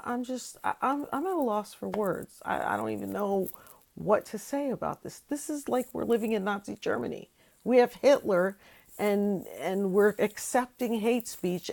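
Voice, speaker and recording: Older lady going off on a solo rant, gravelly voice, swears a lot, gets loud then mutters tired. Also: medium pitch. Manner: heated, profane, swings from loud outbursts to tired mutters. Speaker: YouTube ranter. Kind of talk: solo angry political rant.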